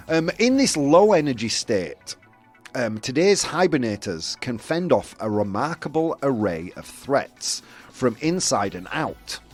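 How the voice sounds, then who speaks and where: Lively chatty man hosting a show. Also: mid-range voice, breathy edge. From United Kingdom. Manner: rambling, many fillers and restarts. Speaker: host. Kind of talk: casual chat show.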